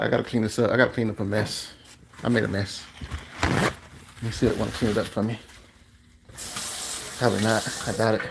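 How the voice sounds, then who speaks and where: A man's voice: fairly low pitch, vocal fry, a bit bright, slight background noise, rough recording. Rambling man chatting while he cooks. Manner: rambling, repeats phrases, slangy. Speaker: cooking vlogger. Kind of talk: casual chat to viewers.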